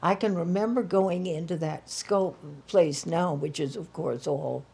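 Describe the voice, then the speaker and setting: An older woman recalls old times at a very slow, halting pace. Her low voice is strongly gravelly and very husky. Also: dark tone. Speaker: interviewee. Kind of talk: reminiscing in an interview.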